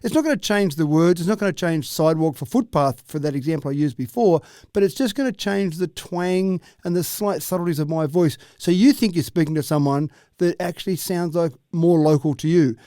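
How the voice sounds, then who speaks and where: An Australian man with a mellow, slightly higher voice explains technology as a radio guest. He talks steadily and conversationally. The sound is dry and close. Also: fairly quick, few pauses, dry recording. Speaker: technology commentator.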